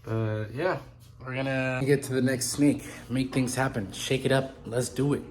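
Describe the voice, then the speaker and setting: A man's voice: mid-range voice, steady tone, moderate pace. Chatty man filming on his phone. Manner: rambling, chatty, self-correcting. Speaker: vlogger and reptile keeper. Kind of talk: casual walkthrough vlog. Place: indoor room with reptile tanks. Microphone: handheld phone.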